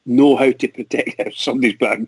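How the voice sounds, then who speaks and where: A Scottish man chatting excitedly about football on a fan radio show, laughing a lot and tripping over his words. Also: mid-range voice, brisk, slightly rough, dry recording, rough recording. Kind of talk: casual football chat.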